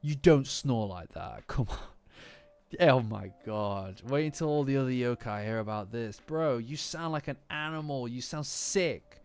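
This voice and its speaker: A man's voice: mid-range voice, animated, normal speed, close to an everyday voice. Man doing a sneering self-doubt demon. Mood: taunting. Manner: taunting, mocking. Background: faint lofi music.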